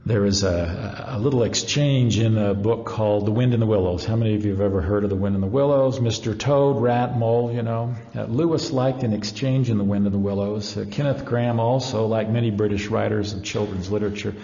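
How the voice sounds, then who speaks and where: A man's voice: fairly low pitch, fairly quick, hardly any pauses, warm tone. A middle-aged man giving a live religious lecture, telling stories earnestly and reading passages aloud. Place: large lecture hall. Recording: echoey hall, dull lo-fi.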